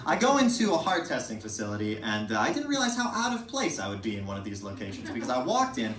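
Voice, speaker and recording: A man doing self-mocking stand-up storytelling at an open mic, animated, swearing casually and breaking into laughter. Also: medium pitch, fast. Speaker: stand-up comedian. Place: comedy open mic venue. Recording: roomy, distant mic in a live venue.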